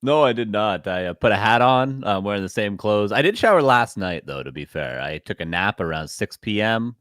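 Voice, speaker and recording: A man with a fairly low voice and a dry, close sound. He chats casually on a stream and tells rambling stories with deadpan humor. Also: normal speed, no room sound. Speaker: esports co-host.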